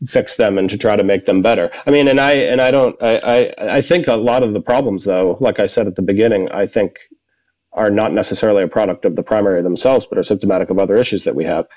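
A man arguing in a formal debate, halting with frequent restarts. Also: lowish voice, darkish tone, poor audio. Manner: halting, many fillers and restarts.

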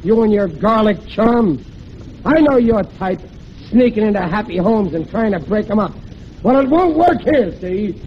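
A man's voice: high-pitched, expressive, normal speed. An actor playing a blustering husband and father who talks tough and ungrammatical, in 1940s radio comedy style. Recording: muffled old radio broadcast with faint hiss.

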